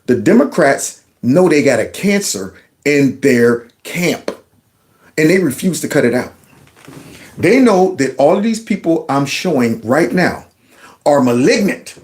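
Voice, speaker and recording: A man's voice: on the high side, a little mellow. A middle-aged man, a former school principal, hosting a reaction commentary and talking back at clips in an indignant, mocking way.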